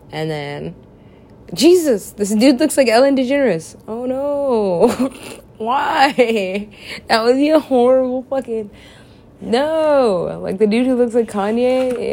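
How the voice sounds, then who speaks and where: A woman's voice: medium pitch, a little mellow. A young woman in casual chat with friends, rambling, laughing often and swearing freely.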